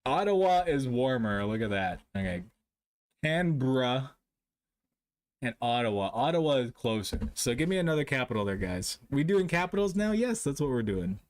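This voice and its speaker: A man's voice: mid-range voice, big pitch swings, moderate pace. A young man streaming live, chatting casually with his viewers while playing a guessing game, joking at his own expense and laughing often. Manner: jokey, self-mocking, laughs often.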